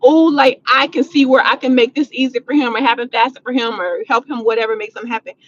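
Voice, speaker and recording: Blunt high-voiced woman on a livestream. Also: fast, highs cut off, a little hiss or hum. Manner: blunt, animated, slangy, swears freely. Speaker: livestream host answering chat. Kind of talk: casual live chat. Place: in a vehicle, driving.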